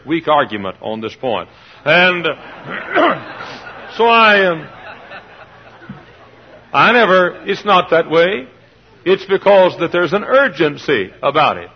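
Husky fired-up preacher guy hollering his sermon, kinda high voice, dull lo-fi recording. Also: lively intonation, normal speed. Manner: impassioned, hollers and pounds the pulpit, mimics voices.

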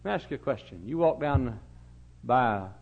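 A man in the pulpit, preaching with folksy stories and acted-out voices. His voice rises from quiet asides into loud, fervent bursts. The recording sounds slightly dull. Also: medium pitch, expressive, fairly quick. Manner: folksy storytelling, acts out voices, swings loud and soft. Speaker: pastor. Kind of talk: fiery sermon. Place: church.

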